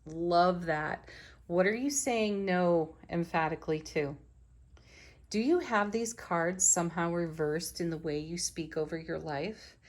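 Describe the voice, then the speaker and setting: A woman's voice: lowish voice, unhurried. A middle-aged woman giving an enthusiastic, affirming spiritual tarot reading. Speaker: tarot reader.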